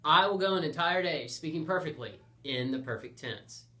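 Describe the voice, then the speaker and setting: A man's voice: on the high side, normal speed, voice pushed up. A man doing a grandiose eager schoolboy. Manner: grandiose and excitable. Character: boastful eager schoolboy hero.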